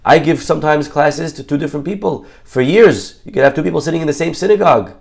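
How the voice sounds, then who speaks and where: A man teaching a Torah class, telling a parable and acting out each character's lines with lively storytelling. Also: on the high side, fast talker, creaky. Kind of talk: storytelling sermon.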